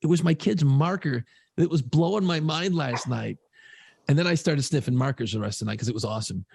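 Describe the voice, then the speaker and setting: A man's voice: a little high, brisk, creaky, a little mellow, a little hiss or hum. A middle-aged man co-hosting a casual podcast, telling loose, profane stories. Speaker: podcast co-host.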